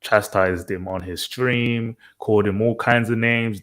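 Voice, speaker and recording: Low-voiced man hosting a chat stream. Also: fairly even intonation, unhurried, fairly bright tone. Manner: probing questions, rising animation. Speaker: host of a stream. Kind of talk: casual chat.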